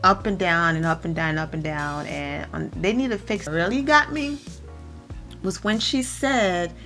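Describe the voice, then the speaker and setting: Woman, bright forceful voice, recapping TV in a chatty, opinionated way, soft music behind. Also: lowish voice. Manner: animated, opinionated, quick asides. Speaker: reality TV recap host. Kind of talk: casual commentary recap.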